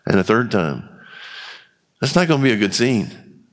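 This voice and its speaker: A man's voice: fairly low pitch, sing-song, normal speed, long reverb tail. A man preaching a sermon in a church in a conversational style, acting out quotes as he goes. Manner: conversational preaching with acted-out quotes and rising intensity. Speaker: pastor.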